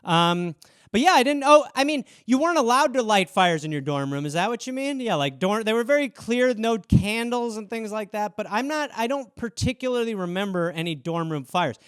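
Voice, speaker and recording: A man's voice: high voice, animated, a little fast, a bit bright, clean tone, dry recording, studio quality. A man, hosting a casual solo show and riffing loosely on viewer suggestions in a rambling, self-mocking way. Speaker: host.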